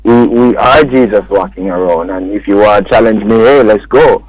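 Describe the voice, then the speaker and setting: A music producer with a Jamaican accent guests on a casual radio interview in a studio, animatedly telling stories and acting out what others said. His voice is fairly low and his pace normal, in a low-quality recording with no room sound.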